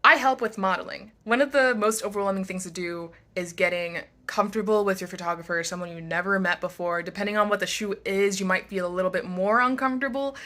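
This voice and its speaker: A woman's voice: mid-range voice, fast, few pauses, bright, forceful tone. A young woman in her bedroom giving frank, upbeat advice in a casual vlog. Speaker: model and vlogger. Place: bedroom at home.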